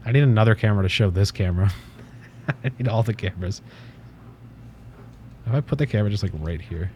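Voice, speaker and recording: A man's voice: lowish voice, expressive, a little fast, a little mellow, slight background noise. A man hosting a casual livestream from his desk at home, rambling, swearing offhandedly and cooing at his cat. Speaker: livestream host.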